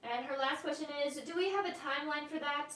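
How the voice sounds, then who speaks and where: A woman co-hosting a live session, briskly reading viewers' questions aloud. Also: sits high, a bit bright, roomy sound, far from the mic. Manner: brisk, reads questions quickly.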